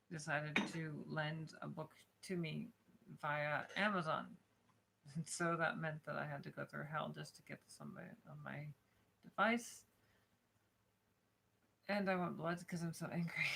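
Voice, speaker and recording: A woman's voice: low-pitched, vocal fry, sharp tone, slight background noise. A woman streaming live, grumbling in frustration and swearing in casual chat before reading a book aloud.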